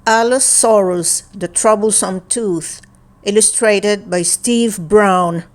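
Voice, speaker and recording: A woman reading a children's picture book aloud as narrator, slowly and clearly. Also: mid-range voice.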